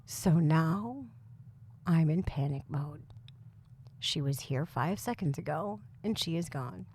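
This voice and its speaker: A woman in her thirties or forties with a very loud voice, co-hosting a podcast and telling a comic story with lots of laughs and exasperation. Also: low-pitched, expressive, takes it slowly, slight background noise. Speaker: podcast co-host. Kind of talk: casual chat, comic storytelling.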